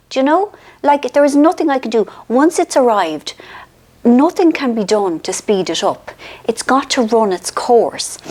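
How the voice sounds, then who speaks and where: An Irish woman chatting to camera at home, full of self-mocking asides as someone else films her. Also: medium pitch. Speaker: vlogger. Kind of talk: casual chat to camera. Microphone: filmed by a companion behind the camera.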